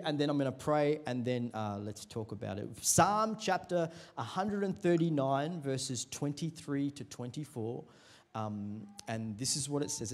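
A man's voice: mid-range voice, a little mellow. A young adult man, a pastor preaching a sermon in church, telling a funny story with call-and-response to the congregation.

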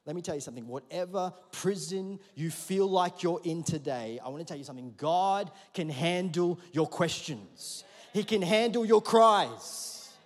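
A man preaching a sermon in a church hall, conversational and then rising to loud emphatic peaks. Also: a little high. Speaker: pastor. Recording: hall reverb.

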